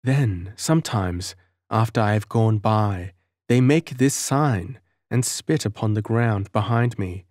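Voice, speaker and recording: A man's voice: fairly low pitch, takes it slowly, darkish tone, no room sound, studio quality. A man voicing a lonely young village girl who pleads earnestly and tearfully, in a storybook reading. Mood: troubled.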